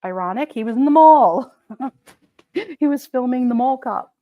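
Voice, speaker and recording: A woman's voice: high voice, expressive, normal speed, dry recording, narrow, tinny audio. A woman hosting a live stream, chatting casually and rambling with her viewers, often giggling.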